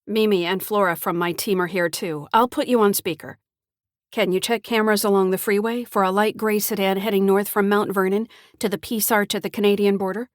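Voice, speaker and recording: A calm woman investigator narrates and gives instructions in a brisk, businesslike way, read by a woman. Her pitch is mid-range and the recording is close and dry. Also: no room sound, lightly acted.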